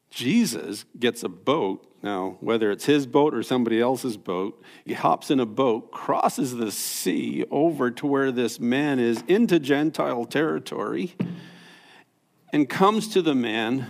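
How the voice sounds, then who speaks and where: A male pastor tells gospel stories from the pulpit. His voice has a gravelly edge, and he rises to loud, high peaks before falling to hushed, low asides. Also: measured pace. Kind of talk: sermon storytelling.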